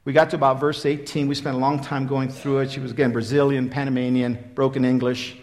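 A man in his fifties preaching a sermon, telling his own story in an earnest, repetitive way that swings from loud emphasis to quiet. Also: medium pitch, flat delivery, fast talker. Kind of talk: sermon with personal testimony.

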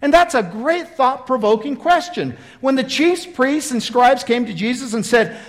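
A man preaching a sermon in a folksy, conversational way, acting out Bible dialogue with lively emphasis. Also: very high-pitched, moderate pace, few pauses. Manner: animated, acts out the Bible dialogue.

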